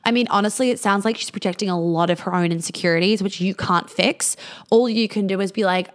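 A woman's voice: mid-range voice, fast talker. A woman hosting a live question-and-answer stream, giving blunt, casual advice with plenty of swearing and fillers, acting out sample replies. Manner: acts out quoted replies in a lighter voice. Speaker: host answering viewer questions on a livestream.

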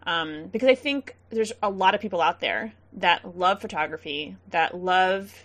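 A woman's voice: lowish voice, moderate pace, fairly bright tone. A woman co-hosting a casual podcast interview, chatty and loose, with frequent ums and laughs. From central Massachusetts. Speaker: podcast co-host.

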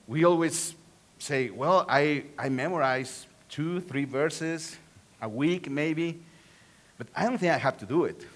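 A man's voice: a little high, slow pace, fairly bright tone. A man from Mexico, a Spanish speaker with a Mexican accent, preaching a playful sermon and joking with his congregation. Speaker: pastor. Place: church auditorium.

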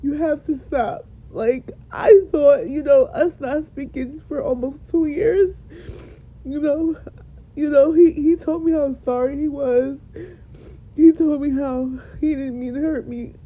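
On a dull lo-fi recording, a young woman podcast host recounts her own emotional story to listeners, tearful and repeating herself for emphasis. Her voice is high and unhurried.

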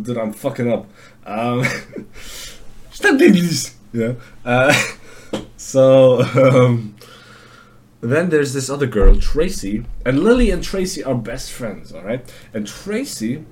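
Slow-talking man ranting on a podcast. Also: medium pitch, darkish tone. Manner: rambling, profane, lots of fillers. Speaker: podcast host. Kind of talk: casual monologue.

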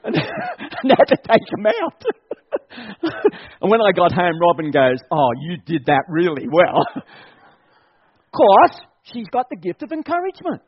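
A man's voice: sits high, huge pitch swings, measured pace, long pauses, breathy edge, muffled recording. A man preaching a sermon at a church service, exhorting his congregation and laughing often as he talks.

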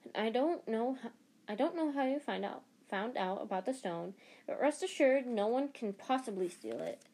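A woman's voice: on the high side, lively intonation, moderate pace, dark tone, voice pushed up. A woman voicing a stern older female professor who speaks in a cold, clipped manner in a storybook reading. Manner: clipped, curt.

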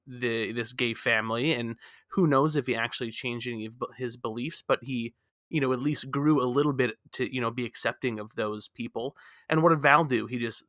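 A man with a bright, forceful voice co-hosting a relaxed movie chat. He argues his opinions emphatically, and the sound is dry and close. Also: mid-range voice, no room sound. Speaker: podcast co-host. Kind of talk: casual movie discussion.

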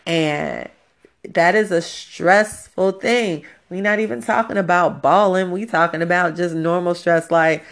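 Low-voiced blunt woman talking candidly. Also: measured pace. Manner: blunt, profane, conversational. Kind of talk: candid casual talk.

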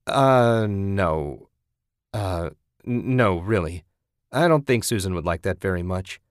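A man's voice: low voice, animated, slow, no room sound, studio quality. A man voicing a polite, uneasy young city husband who talks hesitantly, in an audiobook reading. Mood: awkward. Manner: hesitant, placating.

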